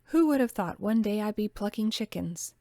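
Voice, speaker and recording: A woman reading the part of a genteel young lady, earnest and encouraging, her voice lifted a little higher. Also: lively intonation, moderate pace, warm tone, no echo, studio quality, lightly acted.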